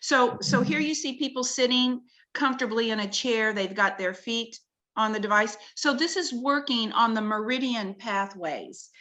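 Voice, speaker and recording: Bright-voiced woman explaining with wonder. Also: fairly high pitch, normal speed. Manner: earnest, wonder-filled explaining. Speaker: guest presenting her research. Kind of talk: explanatory talk-show conversation with slides.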